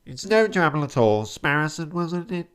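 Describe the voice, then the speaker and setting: A man's voice: fairly high pitch, lively intonation, normal speed, a bit bright, faint music behind, pitched above the performer's own voice. A man voicing a smug, money-minded male bird doctor with a nasal voice.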